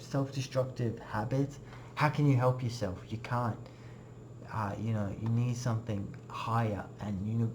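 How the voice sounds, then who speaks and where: A man's voice: medium pitch, darkish tone, a little hiss or hum. A young man giving a casual, earnest personal testimony in a web class, rambling with many fillers.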